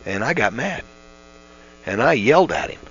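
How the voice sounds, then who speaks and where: A man's voice: medium pitch, big pitch swings, normal speed, fairly bright tone, slightly rough. Folksy man teaching the Bible on radio. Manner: folksy, earnest, with many restarts. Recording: dull lo-fi radio audio with mains hum.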